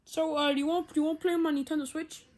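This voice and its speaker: A woman's voice: high voice, little pitch movement, racing, darkish tone, close to an everyday voice. A woman voicing a shy tomboy animatronic with floppy ears in a plushie video role-play, hesitant and stammering.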